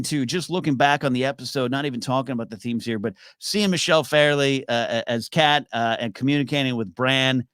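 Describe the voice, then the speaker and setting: A man hosting a solo podcast, giving an animated, enthusiastic recap commentary of a TV episode. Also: mid-range voice, no echo, clean studio sound. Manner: animated, enthusiastic, many restarts. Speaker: podcast host.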